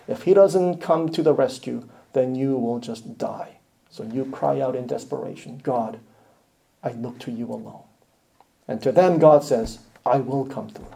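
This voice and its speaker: A man preaching a sermon earnestly, rising to loud emphatic lines and dropping to quiet, hushed ones. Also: a little high, vocal fry. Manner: earnest, swells loud then drops to near-hushed lines.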